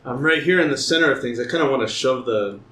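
A man's voice: mid-range voice, fast talker, pushed and bright. A man playing a tabletop game, chatting in a laid-back way. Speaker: player. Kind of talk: casual tabletop play. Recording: roomy echo.

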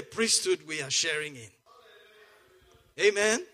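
Lively high-voiced preacher man. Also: unhurried. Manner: lively, jokey, swings from soft asides to loud exclamations. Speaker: pastor. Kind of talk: sermon.

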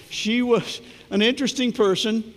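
A man's voice: extremely high pitch, fairly even intonation, unhurried, big-room sound. A middle-aged man, a pastor, preaching a sermon and telling stories that act out the voices of the people in them. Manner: storytelling, acts out quoted voices.

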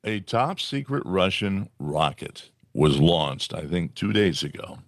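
A man co-hosting a casual political talk show, animated, with mocking asides. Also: sits low, unhurried, no room sound, clean studio sound. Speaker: podcast co-host.

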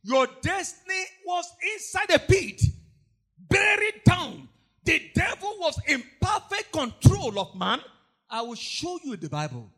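A man preaching an impassioned sermon, repeating phrases, shouting and breaking into song. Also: very high-pitched, sing-song, a little slow. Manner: impassioned, repetitive, bursts into shouting and snatches of song.

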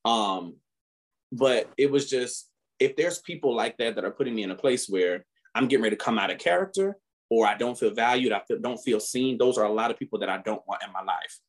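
A man co-hosting a podcast, chatting casually and telling stories animatedly, often laughing and rising in pitch when indignant. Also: fairly quick. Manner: animated storytelling with frequent laughter. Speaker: podcast co-host. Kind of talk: casual chat.

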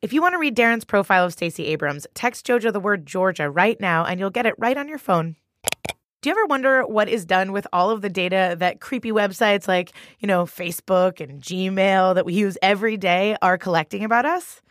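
Host: woman, bubbly and playful news podcast voice, mid pitch, dry studio sound. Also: animated, a little fast, no echo. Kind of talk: upbeat news podcast hosting.

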